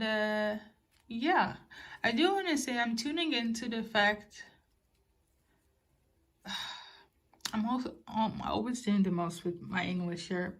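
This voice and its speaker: Woman giving a gentle oracle card reading. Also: fairly high pitch. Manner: soft, musing, with fillers and gentle reassurances. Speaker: tarot card reader. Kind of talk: casual spoken oracle reading.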